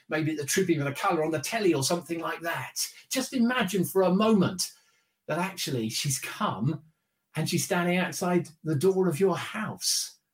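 A man delivering a sermon in a relaxed, conversational manner. His voice sits a little higher than most men's. He leans on repeated phrases. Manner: conversational, repetitive, with light chuckles. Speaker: preacher.

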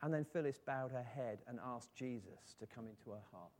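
A man's voice: medium pitch, moderate pace, hardly any pauses, darkish tone. A man preaching a sermon, telling a story in an earnest voice and rising to fervent appeals.

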